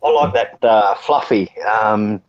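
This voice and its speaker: A man's voice: on the low side, unhurried. Laid-back man, lo-fi sound. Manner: laid-back, storytelling, swears. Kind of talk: casual chat. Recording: dull lo-fi sound.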